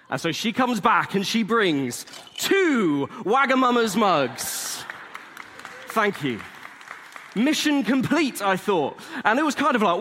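A man's voice: high voice, sing-song, a little fast, a bit bright, long reverb tail. A young man giving a sermon as a chatty, self-deprecating story. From England.

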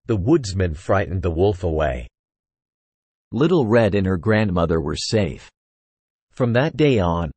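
Brief: male fairy-tale narrator, low and husky, dry close sound. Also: darkish tone, no room sound. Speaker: storyteller.

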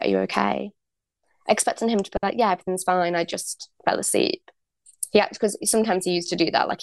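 A young woman speaks as a podcast guest, recounting events in a chatty, candid way and slipping into the voices of the people she quotes. Her voice sits a little low and has a gravelly fry to it. The recording is close and dry. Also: no echo. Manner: chatty, many likes and ums, acts out quoted dialogue. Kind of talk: candid storytelling.

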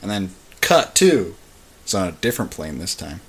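A man's voice: deep voice, very animated, normal speed, fairly bright tone, breathy edge. A young man co-hosting a podcast, rambling and joking through a casual movie recap with lots of fillers. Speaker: podcast co-host. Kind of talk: casual chat recapping a film. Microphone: podcast mic.

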